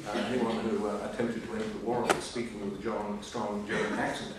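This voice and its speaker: A man's voice: fairly low pitch, little pitch movement, fast talker. An older man giving a history lecture, full of ums and uhs, with dry humour. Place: lecture hall. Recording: echoey hall, voice from far off, faint hiss.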